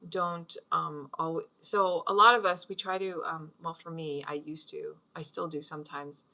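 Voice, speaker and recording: A middle-aged woman talks casually at home, rambling between thoughts and laughing often. Her voice sits a little low, yet sounds bright and forward. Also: fairly even intonation, normal speed, vocal fry. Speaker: host leading a meditation practice. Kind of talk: casual spoken talk with guided breathing.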